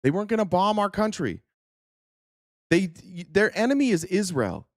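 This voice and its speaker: A man's voice: sits high, sing-song, normal speed, dry recording, studio quality. A man hosting a political commentary show, ranting in a heated, profane and insistent way. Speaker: host.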